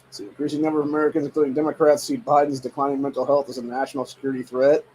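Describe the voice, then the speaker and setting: A man's voice: mid-range voice, level tone, rapid-fire, darkish tone, slight background noise, low-quality recording. A young man from Ohio hosting a political podcast, reading headlines aloud and reacting with heated, profane rants. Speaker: podcast host. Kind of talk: casual political commentary.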